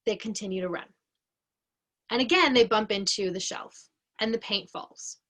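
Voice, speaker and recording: A woman educator giving an explanatory lesson in a slow, deliberate, clearly paced way. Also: mid-range voice, pushed and bright.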